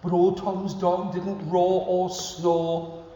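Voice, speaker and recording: A man telling a story to schoolchildren, lively and interactive, prompting them to join in with actions. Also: high voice, slow pace, a little hiss or hum. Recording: echoey hall, dull lo-fi sound.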